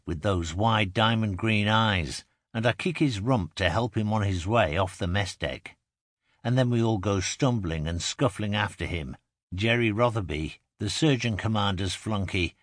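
Male audiobook narrator, low voice, measured first-person telling, dry booth. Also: no echo. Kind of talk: scripted narration.

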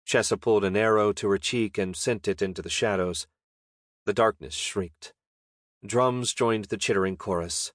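A man reads a fantasy story in a wry, deadpan voice. His tone sits low and steady. The sound is close and dry, with no room around it. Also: normal speed, no echo. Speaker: narrator. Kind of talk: audiobook narration.

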